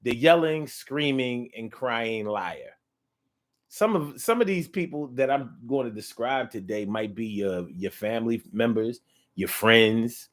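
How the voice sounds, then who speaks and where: A man's voice: mid-range voice, unhurried. A man hosting his own talk show in a casual, rhythmic monologue, often acting out the people he talks about. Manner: animated, rhythmic, acts out quoted voices. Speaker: show host.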